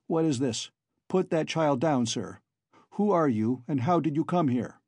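A wary, well-groomed hacienda master and father who gives curt, formal orders, as a male narrator reads him. The voice stays close to the narrator's own husky, dark tone. It is recorded dry and close. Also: fairly high pitch, animated, measured pace, no echo. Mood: stern.

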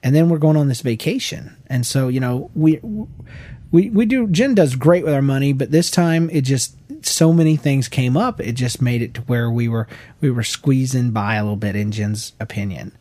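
Bantering with his wife as her podcast co-host, a man in his thirties rambles through casual, joking talk with frequent restarts. He speaks at a normal pace in a mellow, medium-pitched voice.

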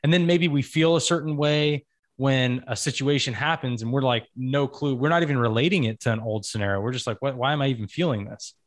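A man's voice: medium pitch, a little fast. A man hosting a podcast, asking long conversational questions with restarts. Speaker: podcast host. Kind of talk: casual podcast interview.

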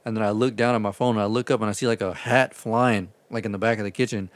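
In a casual chat, a man tells rambling, profane stories about his delivery driving with animated retelling. His voice is fairly low and fast, over a noisy background.

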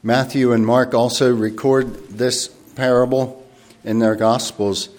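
Male preacher, mid-pitched voice, earnest and reflective, reads verses slowly and formally. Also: flat delivery, a little mellow. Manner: thoughtful and earnest, often pausing and rephrasing. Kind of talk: sermon.

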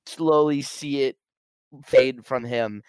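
Smooth-voiced man gushing about a film. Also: medium pitch, takes it slowly, no room sound. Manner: animated, retells scenes with acted-out quotes. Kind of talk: casual film discussion.

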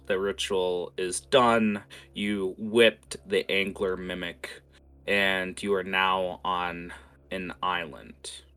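A man's voice: on the low side, fairly bright tone, clear, resonant tone. A man narrating as game master, loose and full of fillers.

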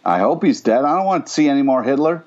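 A man's voice: mid-range voice, sing-song, fast. A man co-hosting a podcast, chatting casually about a TV episode with blunt, heated opinions and lots of swearing. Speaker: podcast co-host. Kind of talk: casual TV recap chat. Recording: dull lo-fi sound.

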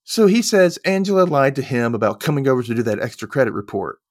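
A man's voice: medium pitch, very animated, no room sound, studio quality. A man hosting a podcast, casually recapping a TV episode and acting out lines as he goes. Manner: retells scenes with quick voiced asides. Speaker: podcast host.

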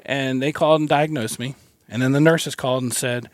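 A man's voice: mid-range voice, fairly even intonation, brisk, no room sound. Folksy man telling a story. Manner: earnest, folksy, laughs between lines. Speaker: guest. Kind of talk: casual storytelling. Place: parked van.

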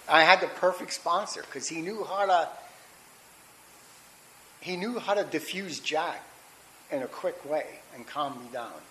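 A man's voice: a little high, lively intonation, moderate pace, sharp tone, low-quality recording. A middle-aged man telling his recovery story at a meeting, candid and rambling, with restarts and fillers. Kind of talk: personal testimony at a recovery meeting. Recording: faint hiss.

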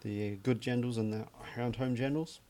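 A man's voice: mid-range voice, fairly even intonation, moderate pace, dark tone. Joking, chatty male podcast host. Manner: dry, joking, chatty with fillers. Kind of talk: casual chat.

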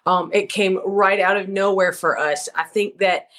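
A woman's voice: mid-range voice, steady tone, measured pace, a bit bright. Fervent woman telling her testimony. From Georgia, USA. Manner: fervent, preacherly storytelling. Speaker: ministry co-founder, guest. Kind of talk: interview testimony.

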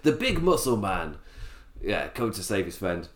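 A man reviewing a wrestling show in a casual solo podcast, chatty, enthusiastic and quick to laugh. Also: fairly low pitch, sing-song. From England.

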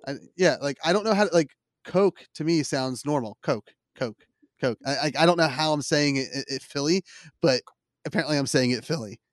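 A man's voice: on the high side, fairly quick, no room sound, studio quality. A man with a Philadelphia accent hosting a podcast, chatting casually in a rambling, self-deprecating way with lots of restarts. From Philadelphia area. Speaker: podcast host.

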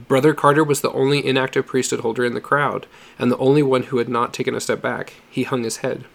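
A man reading a story aloud in a steady, measured narration. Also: medium pitch, gravelly. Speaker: audiobook reader.

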